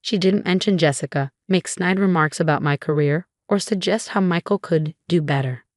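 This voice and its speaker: A woman narrating a first-person family story in a steady, even manner. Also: on the low side, normal speed, dry recording, clean studio sound.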